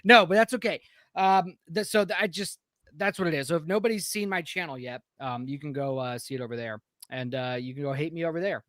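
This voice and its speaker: A man's voice: fairly high pitch, brisk, a bit bright, no room sound, clean studio sound. An American man co-hosting a podcast live stream, rambling and greeting viewers from the chat by name. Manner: rambling, reads out chat names. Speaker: podcast co-host.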